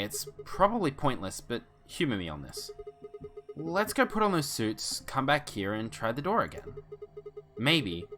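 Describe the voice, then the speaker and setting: A man's voice: medium pitch, a bit bright. A man streaming a video game, joking and swearing in casual commentary.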